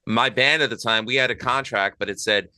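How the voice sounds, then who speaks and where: Bright, smooth-voiced man hosting a podcast. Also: medium pitch, a little fast, dry recording. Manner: rambling, many fillers and restarts. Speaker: podcast host. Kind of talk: casual interview chat.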